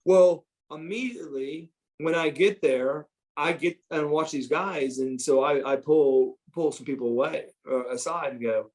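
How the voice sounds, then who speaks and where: On a rough recording, a fifty-something former pro wrestler from the US tells stories as a podcast guest. His pitch is fairly high and his pace a little slow. He's animated and profane, frequently starting over.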